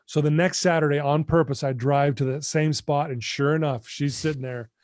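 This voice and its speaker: A middle-aged man with a slightly higher voice than most men tells a personal story as a podcast guest. His manner is earnest and heartfelt, and he often turns to speak straight to the host. The sound is dry and close, with almost no room in it. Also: steady tone, normal speed, a little mellow, no room sound. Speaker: guest, addiction recovery mentor.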